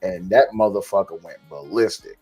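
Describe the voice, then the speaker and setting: A man's voice: low voice, moderate pace, breathy edge, faint music behind. A man telling stories in a casual podcast chat, swearing freely and acting out what people said. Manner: animated, profane storyteller who acts out quotes.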